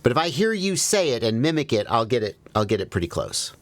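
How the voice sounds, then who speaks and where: A man hosting a livestream, chatting casually and telling stories, his pitch leaping up when he acts out a thought. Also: fast talker, no echo. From American South. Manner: animated storyteller, jumps high on quoted asides. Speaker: livestream host.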